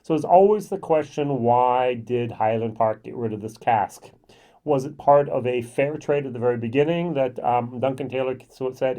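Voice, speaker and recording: A man's voice: medium pitch, moderate pace, dark tone. A middle-aged man giving a casual whisky tasting review to camera, chatty and thinking aloud with lots of ums and self-corrections.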